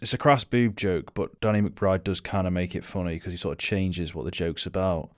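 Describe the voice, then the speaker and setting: A man's voice: low-pitched, fairly even intonation, a little fast. Sweary, offhand man. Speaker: film reviewer. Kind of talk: casual reaction commentary.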